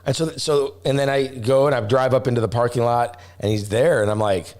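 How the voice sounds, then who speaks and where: A middle-aged man, a travel vlogger, telling a story casually, rambling with restarts and getting animated as he acts out voices. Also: mid-range voice, fairly quick.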